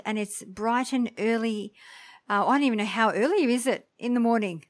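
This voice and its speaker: A woman's voice: on the high side, moderate pace, soft background music. A woman hosting a podcast, reading a scripted intro and then chatting enthusiastically with her guest. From Australia. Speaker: podcast host.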